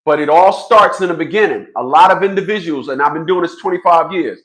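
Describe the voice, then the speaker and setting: A man's voice: fairly high pitch, fast talker, fairly bright tone. A man in his fifties giving a blunt, profane vlog monologue, stammering through repeated restarts. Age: 50s. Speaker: fathers' rights commentator.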